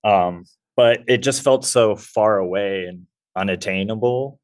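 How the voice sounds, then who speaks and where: A man's voice: fairly low pitch, a little slow, no echo, clean studio sound. A man in his forties chatting as a podcast guest, laughing often. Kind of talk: casual podcast chat.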